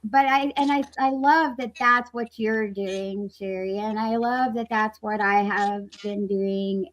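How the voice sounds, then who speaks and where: A woman in a roundtable chat, talking in a loose, animated way, trailing off and restarting her sentences. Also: mid-range voice, slow, rough recording. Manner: chatty, animated, trails off and restarts, swears casually. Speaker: roundtable participant.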